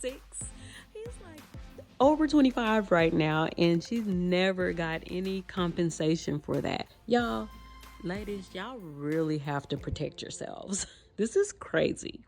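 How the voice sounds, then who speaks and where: A woman's voice: fairly low pitch, lively intonation, takes it slowly, darkish tone, soft background music. A woman hosting a casual reaction commentary, speaking directly to her viewers in an informal, warning tone. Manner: direct, addresses viewers as y'all. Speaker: commentary host.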